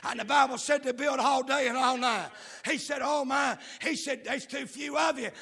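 A man's voice: extremely high pitch, fairly even intonation, normal speed, pushed and bright, slightly rough. A man preaching a fiery revival sermon, hollering in a sing-song cadence.

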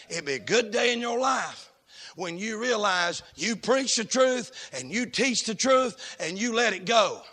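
A man preaching a sermon in church, fervent and folksy, swinging between shouted lines and low asides. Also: expressive, measured pace.

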